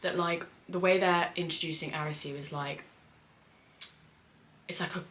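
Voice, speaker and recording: A woman's voice: on the low side, fairly even intonation, moderate pace, a bit bright. A young British woman, a screenwriter, chatting in a rambling casual vlog at home, full of fillers and swearing. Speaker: screenwriter reacting to a show. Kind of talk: casual reaction vlog chat. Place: home room with windows open on a hot day.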